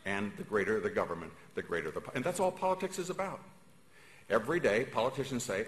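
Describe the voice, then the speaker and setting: A man's voice: lowish voice, big pitch swings. Emphatic man speaking in an echoey hall. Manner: folksy, emphatic, pauses for emphasis. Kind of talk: public speech.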